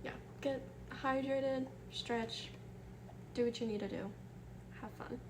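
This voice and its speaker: A young woman from the American Midwest chats casually on a live stream in a soft, gentle voice that sits a little high. She greets her viewers one by one and reads their messages aloud. A faint hum of room ambience stays underneath. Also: steady tone, slow. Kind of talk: casual chat with chat readers.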